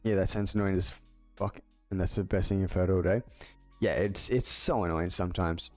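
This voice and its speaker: A man chats casually to his stream audience, his speech wandering and full of filler words. His voice sits a bit low and dry. Soft music hums under slightly muffled audio. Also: fairly even intonation, normal speed, no room sound. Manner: rambling, filler-heavy with many "like"s. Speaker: livestreamer and video editor. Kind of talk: casual livestream chat.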